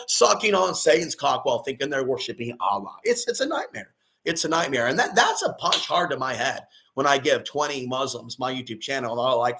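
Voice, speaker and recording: A man delivering a ranting vlog monologue. He swears a lot, repeats his phrases, and often breaks into shouting. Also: fairly high pitch, big pitch swings, a little fast, gravelly. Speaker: vlogger.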